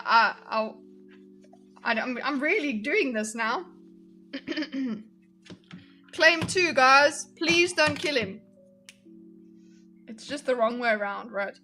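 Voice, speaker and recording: A woman's voice: high-pitched, bright, forceful tone. A woman streamer chatting casually and giggling as she reacts to videos with her viewers. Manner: giggly, chatty, talks to her chat while drawing a diagram. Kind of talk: casual reaction livestream chat.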